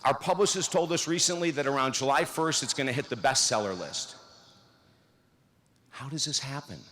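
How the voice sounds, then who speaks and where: A man delivers a motivational commencement speech in a large hall. He tells stories with dramatic swings between upbeat energy and hushed moments. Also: medium pitch, moderate pace. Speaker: commencement speaker.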